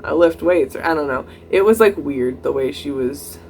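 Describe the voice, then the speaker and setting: A young adult vlogger tells a story in a casual storytime way, with a mid-pitched voice that jumps up whenever they act out quoted dialogue. They lean on "like" and "I'm like" as they go. A faint noise sits under the recording. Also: normal speed. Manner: animated retelling, acting out both sides of dialogue with rising pitch; frequent "like" and "I'm like" quotative fillers.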